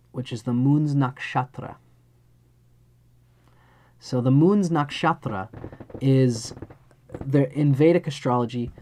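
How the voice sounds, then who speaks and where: A man giving a live astrology chart reading, speaking earnestly and directly to the person he reads for. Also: mid-range voice. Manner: earnest, speaks straight to the listener, acts out little scenes.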